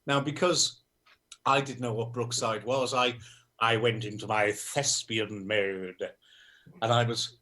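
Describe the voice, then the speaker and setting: A man from Liverpool with a Liverpool accent, a musician guest telling anecdotes in a relaxed, self-deprecating way. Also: medium pitch, measured pace. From Liverpool, England. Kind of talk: casual interview chat.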